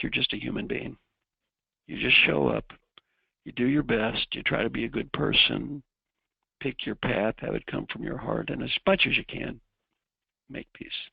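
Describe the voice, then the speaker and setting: A man with a raspy voice giving a motivational keynote talk, directly coaching the audience through exercises. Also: medium pitch, dry recording, muffled recording. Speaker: keynote speaker.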